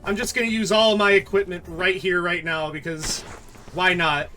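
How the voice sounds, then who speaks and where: A man streaming a game live, commenting excitedly, thanking viewers and laughing often. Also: high voice, moderate pace, faint music behind.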